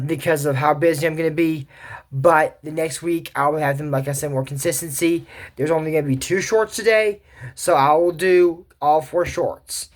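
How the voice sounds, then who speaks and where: A man casually recapping a cartoon episode for his channel. He rambles, trails off into asides and fillers, and keeps reacting in disbelief to what he describes. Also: a little high. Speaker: cartoon reviewer.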